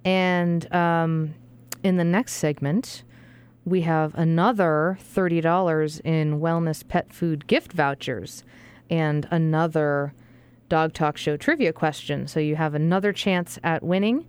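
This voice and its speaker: A woman's voice: low voice, slow, darkish tone, clean tone. A woman hosting a talk radio show, friendly and chatty, with frequent fillers.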